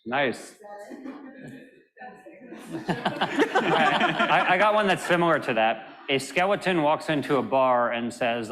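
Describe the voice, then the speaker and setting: A man filling time at a panel by telling jokes, playful, dropping low and quiet to build up each punchline. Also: lively intonation, slow pace, long pauses, a crowd in the background. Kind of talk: stand-up joke telling at a panel.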